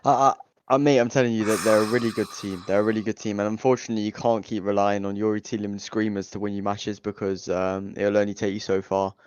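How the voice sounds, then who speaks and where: A man's voice: lowish voice, little pitch movement, fast talker, darkish tone, slight background noise. A man co-hosting a football stream, chatting in a laid-back way and mostly answering with short agreeing replies. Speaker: co-host. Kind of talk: casual football chat.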